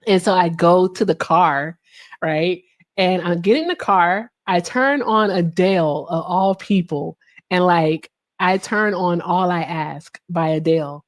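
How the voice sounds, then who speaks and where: A woman's voice: lowish voice, unhurried. A woman livestream host telling a story in casual chat, swearing often and laughing as she talks. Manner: profane, laughing, animated storyteller.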